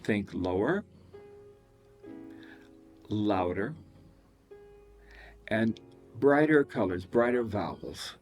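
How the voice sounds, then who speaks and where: A man teaching a singing lesson, talking about voice registers and breaking into sung falsetto whoops to demonstrate. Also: very slow, pauses often, soft background music. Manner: animated, demonstrates with high falsetto whoops and laughs. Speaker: vocal coach.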